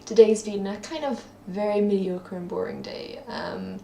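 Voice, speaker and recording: Young Scottish woman vlogging at home: gravelly, rambling, echoey room. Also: medium pitch, wildly swooping pitch, normal speed, mellow, slight background noise. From Scotland. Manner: rambling and self-deprecating, many ums. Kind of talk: casual daily video diary. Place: at her parents' home, indoors.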